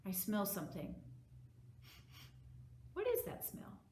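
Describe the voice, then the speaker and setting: A woman voicing a huge, grumpy male giant in a booming, shouted chant. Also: huge pitch swings, takes it slowly, slight background noise. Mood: bellowing. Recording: echoey room.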